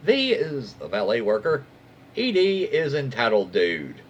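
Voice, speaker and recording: A man's voice: mid-range voice, huge pitch swings, a little slow, dull audio, slight background noise. A man reading online stories aloud in a casual way, stopping for chatty asides and reactions. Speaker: reddit story reader.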